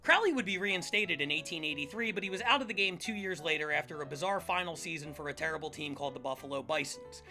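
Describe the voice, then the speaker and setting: A man's voice: on the high side, lively intonation, quick pace, few pauses, soft background music. A man from the Philadelphia area hosting a scripted comedic history show, full of sarcastic, jokey asides. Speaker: podcast host.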